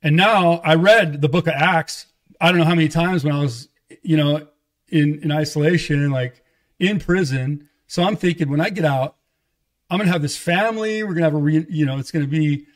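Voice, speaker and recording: On a podcast, a middle-aged evangelist gives a casual testimony of his life in a relaxed, conversational way, often acting out people's lines to him. He speaks at a normal speed with a voice on the higher side.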